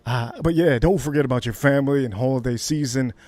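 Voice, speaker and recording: A man's voice: medium pitch, fast, dry recording. A man hosting a casual livestream, thanking viewers for super chats in a hyped, repetitive way. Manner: hyped, repetitive, shouts catchphrases. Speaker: livestream host.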